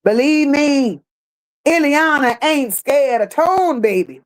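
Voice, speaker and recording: A woman hosting a reaction channel, gossiping in casual commentary and reading chat comments, animated and laughing. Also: high-pitched, slow. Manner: animated, laughing, gossipy with playful put-on voices.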